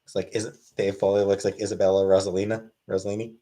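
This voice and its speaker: A man hosting a casual livestream Q&A, reading chat questions aloud and answering in a wry, deadpan way. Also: on the low side, fast. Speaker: livestream host.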